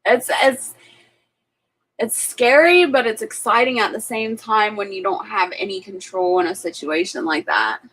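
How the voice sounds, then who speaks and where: Her mid-range voice is animated, a bit bright, and a little slow, captured on a rough recording. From her home kitchen she hosts a live cooking stream, laughing often and filling her easygoing stories and viewer chat with plenty of fillers.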